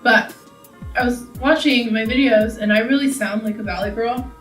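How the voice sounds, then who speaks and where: A woman's voice: on the high side, normal speed, a bit bright, faint music behind. A young woman from California, chatting casually and rambling while doing her makeup, full of "like" and "you know.". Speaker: beauty vlogger. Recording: echoey room, camera mic from a distance.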